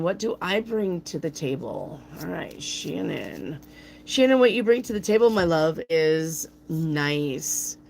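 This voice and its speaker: Gruff-voiced woman reading tarot live. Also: low-pitched, slight background noise. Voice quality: gruff, raspy voice. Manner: chatty and playful, addresses viewers by name. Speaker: tarot reader, channel host. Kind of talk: live-stream tarot reading, answering chat.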